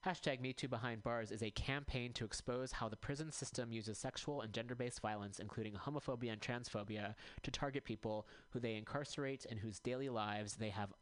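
A man hosting a community radio show, reading out upcoming events in a casual way and pausing to check details. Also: mid-range voice, fairly even intonation, dry recording, low-quality recording. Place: radio studio.

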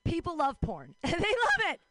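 A young adult woman doing a wry, self-mocking stand-up set out in the street, with quick asides and put-on voices. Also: extremely high pitch, huge pitch swings, a bit bright, no echo. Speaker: stand-up comic. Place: street outdoors.

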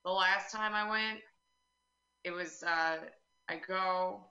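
A young woman performing a stand-up comedy set in a deadpan way, acting out people in quick asides. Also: mid-range voice. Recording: echoey room, dull lo-fi sound.

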